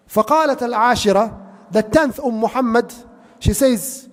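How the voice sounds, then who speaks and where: A man delivers a sermon as an emotive story, often repeating lines in Arabic and then English. His voice sits high for a man. The sound carries a long hall reverb. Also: fairly quick, faint music behind. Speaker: preacher.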